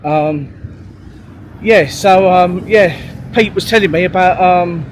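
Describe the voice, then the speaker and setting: A man's voice: sits high, slow, slight background noise. Rambling, sweary man. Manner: rambling, sweary, full of fillers and restarts. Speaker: vlogger. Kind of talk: casual storytelling monologue.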